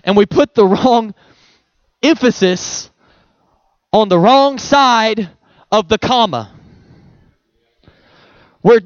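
High-voiced man preaching a sermon. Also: clear, resonant tone, no room sound, muffled recording. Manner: conversational preaching with rhetorical questions and chuckles. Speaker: pastor. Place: church.

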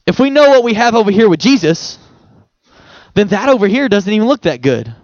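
A young man with a high voice preaches in a church, keeping it conversational with rhetorical questions and quick chuckles. His voice sounds dry and slightly dull, close to the mic. It comes across as an everyday sermon to a congregation. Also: no room sound. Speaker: pastor.

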